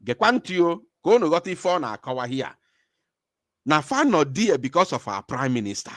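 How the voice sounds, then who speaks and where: Fuming Nigerian man with lively pitch. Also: fairly quick, dry recording, studio quality. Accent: Igbo-accented Nigerian English. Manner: angry, rhetorical, repeats phrases for emphasis. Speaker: online show host. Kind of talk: impassioned commentary.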